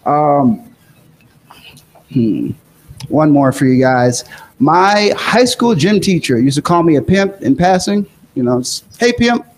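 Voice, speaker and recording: A man's voice: on the high side, a little mellow. A young man doing a stand-up set in a comedy studio, laid-back, chuckling between jokes. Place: comedy studio stage with live audience.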